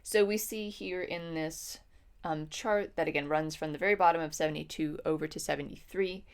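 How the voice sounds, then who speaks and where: A woman's voice: deep voice, fairly even intonation, normal speed. A woman music teacher explaining patiently in an instructional lesson, with frequent ums.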